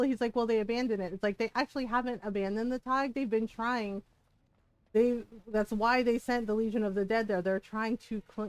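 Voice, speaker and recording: A woman gaming streamer giving animated, laughing commentary and swearing freely. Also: fairly high pitch, no echo.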